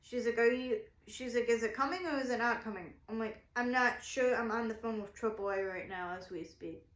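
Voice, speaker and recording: A woman chats through a story in a loose, rambling way, leaning on "like" and acting out what everyone said. Her voice sits a bit high. The room gives it a noticeable echo. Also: brisk. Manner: animated, rambling, heavy use of "like". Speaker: craft shop vlogger. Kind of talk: casual storytime chat.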